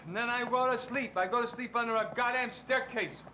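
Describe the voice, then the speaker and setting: A man's voice: very high-pitched, fairly quick, bright, forceful tone, slight background noise. An actor playing an anxious, self-pitying man in a film clip, rambling as he falls apart. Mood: distraught. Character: anxious down-and-out man, weepy and rattled. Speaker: film character in a played clip.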